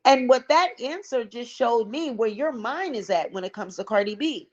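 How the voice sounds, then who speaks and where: A woman's voice: on the high side, animated, normal speed, lo-fi sound. A woman hosting a casual gossip commentary vlog, blunt, sassy and profane. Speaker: vlog host.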